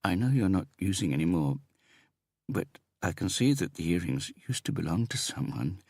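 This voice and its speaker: A man's voice: sits low, sing-song, normal speed, vocal fry, darkish tone, no echo, studio quality, voice pushed up, exaggerated voice. A man voicing a distraught young woman who is tearful and pleading. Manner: pleading, trembling.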